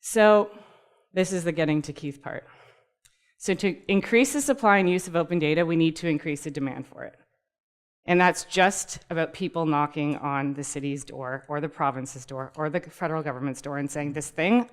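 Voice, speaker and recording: A woman's voice: sits low, normal speed. Chatty woman giving a talk. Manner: chatty and upbeat, laughs easily, talks to the audience. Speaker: speaker at a tech community talk. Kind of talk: conversational presentation. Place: event room before a live audience.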